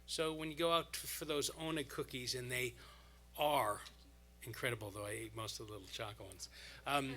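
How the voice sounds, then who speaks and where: A man's voice: mid-range voice, steady tone, fairly quick. A man leading a synagogue service, speaking informally to the congregation and giving instructions. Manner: warm, informal guidance to a congregation. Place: large sanctuary.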